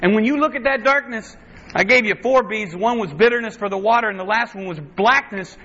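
High, bright-voiced preaching man. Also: a little fast, highs cut off. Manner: impassioned, emphatic preaching with rhetorical questions. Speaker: pastor. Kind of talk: sermon.

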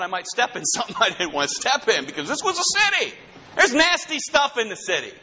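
A man preaching a sermon in an animated, dramatic way, rising to high shouts for emphasis. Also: dull audio, a little hiss or hum.

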